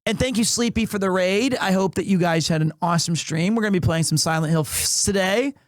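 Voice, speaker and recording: High-voiced chatty male streamer. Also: brisk, no echo, studio quality. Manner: animated storyteller, sprinkles in Japanese phrases. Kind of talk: casual live-stream chat.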